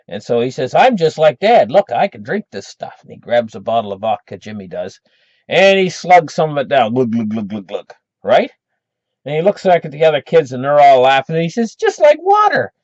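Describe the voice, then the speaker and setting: A man's voice: a little high, no room sound, highs cut off. A man giving emphatic financial commentary, explaining with a story and frequent restarts. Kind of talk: animated commentary.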